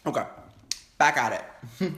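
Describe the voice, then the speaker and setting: A young man hosting an eating show, chatting casually and excitedly between bites with lots of happy humming. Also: fairly high pitch, slow, roomy sound, background noise. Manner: chatty, excitable, frequent hums of enjoyment. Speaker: mukbang host. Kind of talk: casual chat while eating. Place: home, indoors.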